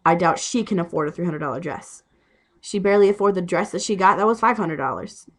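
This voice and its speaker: A woman's voice: lowish voice, fast talker. A young woman who is sick with a cough, ranting casually and profanely about a friend. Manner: exasperated, profane ranting storytelling. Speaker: vlogger. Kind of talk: casual rant.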